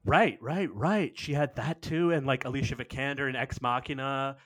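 A man's voice: mid-range voice, moderate pace, a bit bright. A man co-hosting a podcast, talking casually about films and building his point with example after example. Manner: conversational, builds arguments with examples. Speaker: podcast co-host. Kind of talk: casual film discussion.

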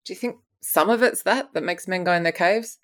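A woman hosts this conversation in a fairly low voice. She backs her guest up with short affirmations and draws him out with questions. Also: a little fast. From Australia. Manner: warmly affirming, prompting with questions. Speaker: podcast host. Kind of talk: conversational interview.

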